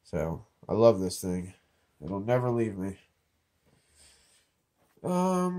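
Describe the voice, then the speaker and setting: A man's voice: mid-range voice, animated, takes it slowly, long pauses, a little mellow. A man with a cold, showing off his finds in a laid-back, joking, slightly rambling way. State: has a cold, clearing throat. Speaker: metal detecting vlogger. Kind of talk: casual show-and-tell. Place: indoors in an office.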